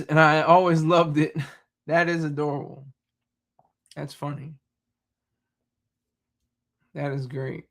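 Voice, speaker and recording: A man's voice: fairly high pitch, level tone, slow, creaky, long pauses, fairly bright tone. A man hosting a casual live chat, reading viewer comments aloud and replying, laughing often and stumbling over words.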